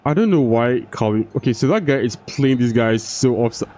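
A man's voice: mid-range voice, expressive, normal speed, warm tone. A young man giving casual gameplay commentary, often frustrated, swearing and restarting his sentences. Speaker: gaming YouTuber.

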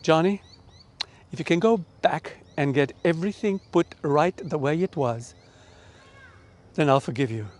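A kind but stern mother questioning her boy, as an Australian man puts her on in a children's story. The voice is firm and questioning, with no real change from the storyteller's own. Australian accent and a fairly high male pitch. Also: unhurried, pauses often, darkish tone, lightly acted. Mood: gentle.

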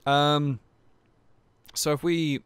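A man's voice: fairly high pitch, flat delivery, very slow, a bit bright, clean tone, dry recording. A young man casually narrating a video game, joking and swearing, stumbling over restarts, his voice a bit dry. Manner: profane, joking, stammering restarts. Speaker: let's play gamer. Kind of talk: casual gameplay commentary.

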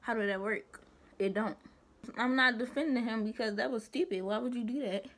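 A young woman vlogger chatting casually, emphatic and animated with rhetorical asides. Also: fairly high pitch, moderate pace. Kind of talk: casual commentary chat.

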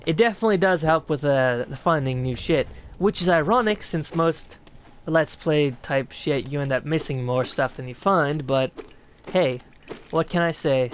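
A man's voice: fairly high pitch, moderate pace, a little hiss or hum. A young man giving casual gaming commentary, offhand and self-mocking, swearing freely as he plays. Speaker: let's player.

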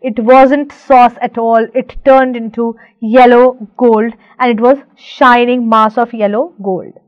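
A woman teacher from India reading a story aloud and stopping to explain each word, restating things slowly with fillers, on a dull, lo-fi recording. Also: a little high, fairly even intonation, no echo.

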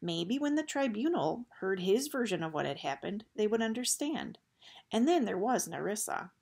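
A woman reading a novel aloud in a steady storytelling manner. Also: mid-range voice, normal speed, vocal fry, husky. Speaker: audiobook reader.

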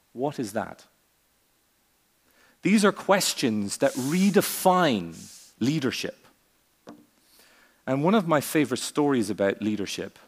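A man's voice: on the low side, big-room sound. Theatrical male keynote speaker. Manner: theatrical, varied delivery with long pauses and punchy asides. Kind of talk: conference keynote speech. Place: conference stage.

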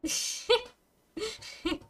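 A woman's voice: very slow, a bit bright. A woman, a native Italian speaker, streaming a video game in casual chat, swearing and laughing as she plays.

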